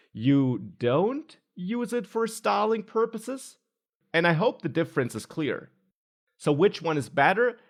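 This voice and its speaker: A man teaching a screen-recorded web coding tutorial, explaining step by step with stressed key words. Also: fairly high pitch. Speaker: coding instructor.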